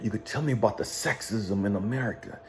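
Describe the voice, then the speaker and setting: A man's voice: fairly low pitch, fast, a little mellow, voice pushed down, lightly acted. A man voicing a stern male God who questions him, probing and mocking at first, then scolding and swearing. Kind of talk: retold dialogue in a motivational monologue.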